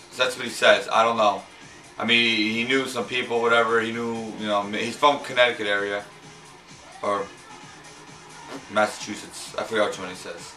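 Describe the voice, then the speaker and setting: A man's voice: mid-range voice, sharp tone. A man casually recapping a gaming tournament, rambling and hesitant, often repeating words and swearing. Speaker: fighting-game player recapping a tournament. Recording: roomy, far from mic, faint music.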